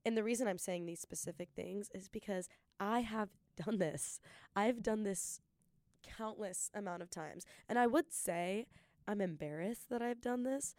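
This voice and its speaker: A young woman hosting a solo podcast, giving an earnest, excited pep talk and talking fast. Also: medium pitch, no room sound. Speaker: podcast host.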